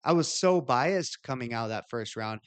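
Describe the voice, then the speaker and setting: A man co-hosting a casual fight podcast, speaking in a measured, conversational way as he explains his scoring. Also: mid-range voice, animated, clear, resonant tone, no room sound. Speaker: podcast co-host. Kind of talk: casual MMA fight recap.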